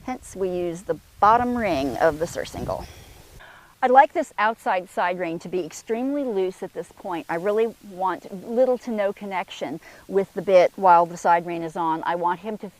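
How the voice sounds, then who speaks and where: A woman's voice: lowish voice, normal speed, slight background noise, poor audio. A woman horse trainer giving an instructional demonstration in an outdoor arena, calling commands to a horse between her explanations.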